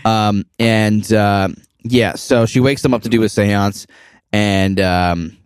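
A man co-hosting a podcast, chatting about a film in a relaxed, hesitant way, with lots of "um" and "like". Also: on the low side, slow pace, clear, resonant tone, no echo, clean studio sound. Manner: relaxed, hesitant, with many fillers and likes. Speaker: podcast co-host. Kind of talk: casual movie review chat.

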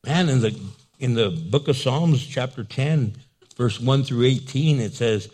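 A man preaching a sermon as pastor, acting out quick dialogues and reading scripture aloud. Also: mid-range voice. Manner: animated, acts out little dialogues for laughs.

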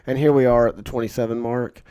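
Frank, rambling male podcast host; smooth, resonant voice in a dry room. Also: medium pitch, level tone, fast, mellow, no echo. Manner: rambling, filler-heavy, frank. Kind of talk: casual storytelling monologue.

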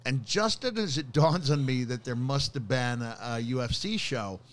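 A man's voice: medium pitch, normal speed. A man telling a funny story as a podcast guest, chuckling as he goes. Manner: animated storyteller, chuckles through his stories. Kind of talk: casual anecdote telling.

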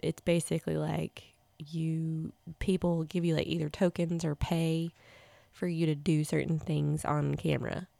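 A woman's voice: sits low, little pitch movement, a little slow, vocal fry, dark tone, no echo. A woman in her thirties co-hosting a podcast from home, chatting casually, telling stories and laughing often. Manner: chatty, giggly, storytelling. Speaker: podcast co-host. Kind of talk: casual chat.

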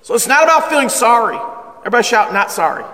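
A high, bright-voiced middle-aged man preaching with lively humor and emphasis, slowing down for scripture. His voice carries with a long reverb through a church hall. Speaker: pastor. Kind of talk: sermon.

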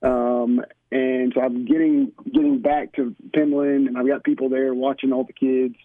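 Young male coach calling in, relaxed and chatty, tinny phone line. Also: medium pitch, moderate pace, no echo. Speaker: college basketball coach, guest. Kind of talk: phone-in radio interview.

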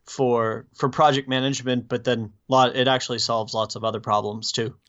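Man, from the United States, podcast guest, mid-pitched voice, measured explanations, slightly muffled lo-fi sound. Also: little pitch movement, fairly bright tone. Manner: measured and explanatory, many uh fillers. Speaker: guest, plugin developer. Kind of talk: podcast interview answers.

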